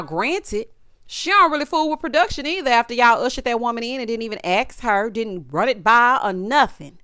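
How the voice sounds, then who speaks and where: A woman's voice: a little high, a bit bright, clean tone, dry recording, clean studio sound. A woman giving a sassy, opinionated recap of a reality show and talking straight to her viewers. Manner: sassy, talks to viewers directly, acts out cast members' lines.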